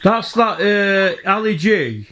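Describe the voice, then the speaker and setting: A man hosting a relaxed interview, mostly offering brief prompts and questions. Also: high-pitched, takes it slowly, crowd noise. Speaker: interview host. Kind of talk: casual interview.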